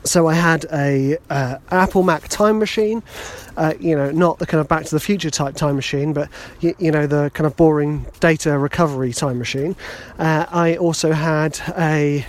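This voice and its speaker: British man, slightly high voice, solo podcast host, rambling and chatty, self-deprecating. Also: steady tone, moderate pace. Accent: British English. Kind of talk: casual solo podcast monologue.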